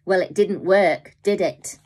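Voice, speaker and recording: A woman voicing a rough, menacing female robber who sneers and threatens. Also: on the low side, a little slow, warm tone.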